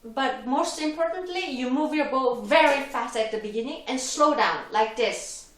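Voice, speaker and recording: This violin teacher, a woman, explains things patiently step by step with minor wording slips. She has a high, expressive, fairly bright voice and a moderate pace. The mic is far off, picking up roomy echo and violin playing.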